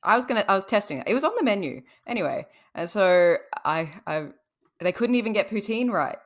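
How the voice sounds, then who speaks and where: An Australian woman on a gaming podcast, chatting casually with wry, deadpan humor. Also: medium pitch, fairly quick. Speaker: podcast co-host, journalist.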